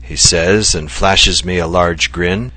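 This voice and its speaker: A man narrating a first-person story, his voice low and husky with a forceful, tense edge. He reads in a measured, reflective way. The recording is dry and close to the mic. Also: steady tone, no echo, soft background music.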